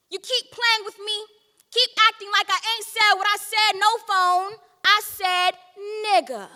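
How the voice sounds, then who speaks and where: A woman's voice: very high voice, bright, forceful tone. A woman performing a spoken word poem with a sassy, confrontational delivery, recorded in an echoey hall. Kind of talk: slam poetry performance.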